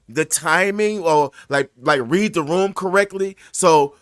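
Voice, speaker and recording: A man co-hosting a casual chat who speaks in a laid-back, agreeable way and often goes quiet. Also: a little high, unhurried, few pauses, no echo, studio quality. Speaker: podcast co-host.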